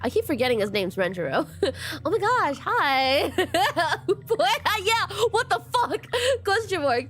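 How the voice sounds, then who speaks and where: A woman streaming a dating sim, reacting to the story and chatting with viewers in an animated, swearing way. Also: very high voice, measured pace, faint music behind. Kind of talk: live game commentary reading a dating sim aloud.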